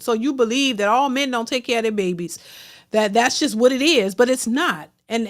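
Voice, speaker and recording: Woman host ranting on a reaction video, emphatic, repeats herself a lot, kinda preachy. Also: on the high side. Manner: emphatic, repetitive, preachy, mocking voices of others. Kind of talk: casual commentary rant.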